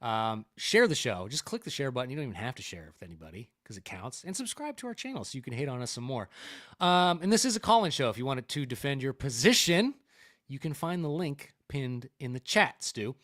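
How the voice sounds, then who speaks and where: A man hosting a casual political call-in show, energetic and jokey as he plugs the channel. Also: mid-range voice, fairly quick. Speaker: show host.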